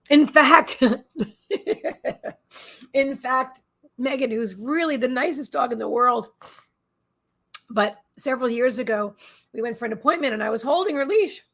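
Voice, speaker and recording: A woman's voice: sits high, vocal fry, a bit bright, husky. A woman hosting a live psychic reading stream from her desk at home, rambling and emotional as she reads viewer comments and talks to her dog.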